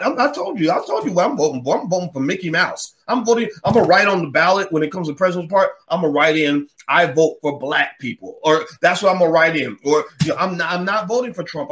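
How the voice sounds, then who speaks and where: Brief: male podcast host, sarcastic, heated, animated talker, pitched a bit high. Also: quick pace, hardly any pauses. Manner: heated, sarcastic, mocks others in put-on voices; animated, swings pitch widely. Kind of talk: opinion monologue.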